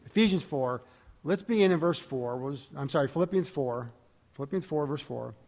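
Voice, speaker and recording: A man's voice: medium pitch, brisk, a little mellow. Preaching man in a reverberant hall. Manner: reads scripture aloud with rising emphasis, digresses and corrects himself. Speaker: pastor. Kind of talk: sermon.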